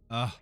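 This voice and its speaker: A man from Texas chatting casually and cursing while streaming a game, laughing often. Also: no echo. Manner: laid-back, profane, laughs often, jokey asides. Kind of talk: casual live gameplay chat.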